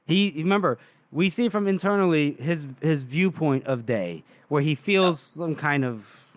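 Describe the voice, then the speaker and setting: A man's voice: fairly high pitch, animated, a little slow, no echo. A man co-hosting a podcast, retelling a novel's scenes in casual chat, acting out the characters' lines and laughing often. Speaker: podcast co-host.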